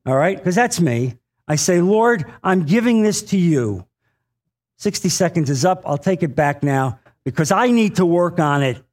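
Preaching to his flock, this pastor has a high-sitting voice with a darkish tone. He talks to the listeners directly and earnestly, restating phrases for emphasis and dropping an "uh" into his pauses.

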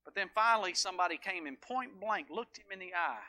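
A man with a Southern American accent preaching a sermon, moving from hushed storytelling to shouted preaching and calling on people in the congregation by name. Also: high voice, expressive, fairly quick. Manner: calls on congregation members by name. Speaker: pastor. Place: church sanctuary.

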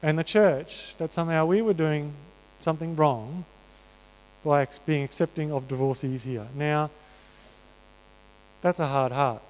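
The voice of this preacher is on the high side, a little mellow and smooth, at a measured pace. Speaking in a reverberant church hall, he keeps his sermon earnest and conversational, with plenty of fillers.

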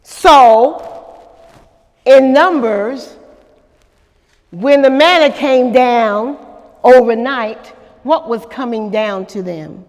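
A woman's voice: a little high, extremely slow, pauses often, a little mellow, big-room sound. A woman pastor preaching a sermon at a church service, with dramatic call-and-response to the congregation.

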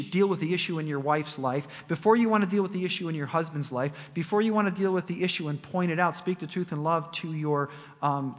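A man preaching a sermon as a pastor, swinging from loud emphatic peaks to quiet low asides. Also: long reverb tail.

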